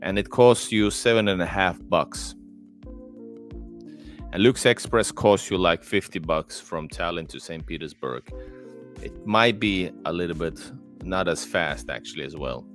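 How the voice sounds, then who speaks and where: A man's voice: low-pitched, measured pace, fairly bright tone, soft background music. A man, casually chatting on a livestream, rambling with many fillers and restarts, close to the mic. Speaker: livestream host. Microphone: close desk mic.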